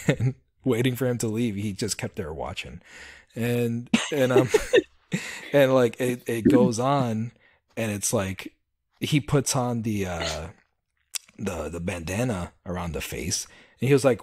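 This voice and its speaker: A man's voice: fairly low pitch, a little slow, darkish tone, husky. A man hosting a podcast, chatting casually and telling rambling stories with many fillers and restarts. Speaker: podcast host. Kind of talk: casual chat.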